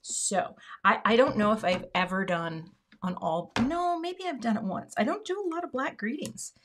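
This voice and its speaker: A woman's voice: a little high, normal speed, background noise. A woman hosting a card-making livestream in casual chat, thinking aloud and dropping to murmurs while she works.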